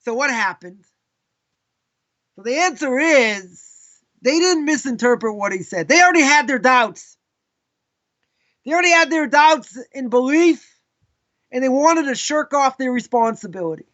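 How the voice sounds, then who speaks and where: High, bright-voiced Boston rabbi teaching. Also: male voice, animated, normal speed, long pauses, lo-fi sound. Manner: storytelling, acts out questions in quoted voices. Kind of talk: live Torah class.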